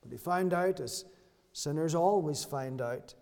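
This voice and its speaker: Male preacher, high pitch, earnest and repetitive, recorded with long hall reverb. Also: measured pace, darkish tone. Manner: earnest, repeats key phrases for emphasis. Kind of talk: sermon.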